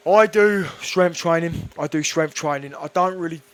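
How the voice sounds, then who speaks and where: A man in a casual interview, talking bluntly and swearing often, telling stories with animated put-on voices. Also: fairly high pitch, moderate pace. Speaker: guest kickboxer.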